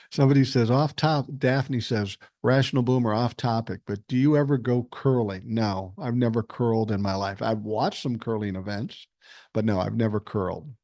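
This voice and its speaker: A man's voice: medium pitch, moderate pace, darkish tone, no echo, clean studio sound. A man, hosting a casual livestream, reading chat comments and answering bluntly with plenty of swearing. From Minnesota, USA. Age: 60s. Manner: blunt, frequent swearing, reasonable tone. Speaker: podcast host reading live chat.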